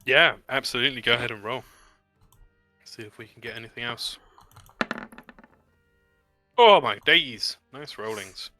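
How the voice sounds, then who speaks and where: A man running a tabletop game as game master, narrating with lively energy and explaining rules. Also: mid-range voice, brisk, soft background music.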